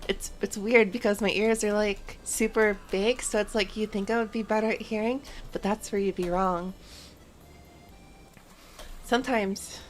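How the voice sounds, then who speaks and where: A woman's voice: fairly high pitch, a little hiss or hum. A woman streaming a game and chatting casually, rambling in a playful, self-mocking way. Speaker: VTuber streamer.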